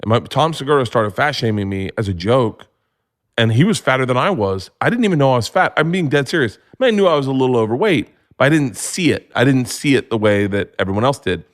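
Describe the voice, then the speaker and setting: A man telling stories as a comedy guest, excitable and profane, often restarting with "like". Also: medium pitch, fast talker. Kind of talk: casual storytelling.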